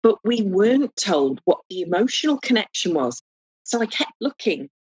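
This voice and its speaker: Animated woman telling stories. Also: medium pitch, normal speed, slightly rough, dry recording, dull audio. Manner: animated, humorous, acts out voices in anecdotes. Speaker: guest foot reader. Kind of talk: casual storytelling interview.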